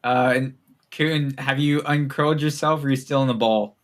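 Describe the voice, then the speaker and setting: A man's voice: medium pitch, fairly even intonation, normal speed. A young man runs a tabletop game in a loose, casual way. He narrates with plenty of fillers and laughs easily between lines. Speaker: game master.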